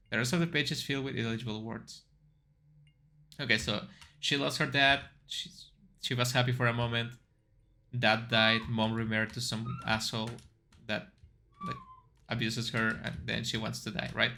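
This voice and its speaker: Male game streamer, bright tone, reads on-screen text and reacts out loud. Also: mid-range voice, level tone, normal speed, a little hiss or hum. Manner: reads aloud, then chats and reacts with yelps. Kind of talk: game playthrough, reading text aloud.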